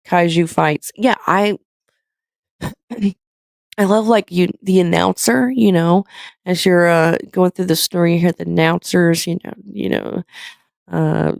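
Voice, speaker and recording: A woman's voice: lowish voice, vocal fry, darkish tone, dry recording, studio quality. A woman hosting a live stream, chatting casually, rambling with lots of fillers and reading viewer comments aloud.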